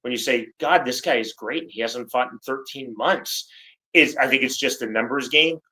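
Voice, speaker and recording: Bright, emphatic man telling stories. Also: medium pitch, normal speed, poor audio. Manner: emphatic, articulate storyteller. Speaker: fight commentator, guest. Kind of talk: casual interview chat.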